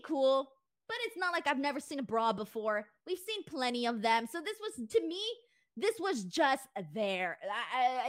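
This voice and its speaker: A woman's voice: high-pitched, a bit bright, no echo, clean studio sound. A young woman hosting a wrestling talk show, chatting casually with lots of fillers and reading a sponsor spot in an upbeat way. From Southern California.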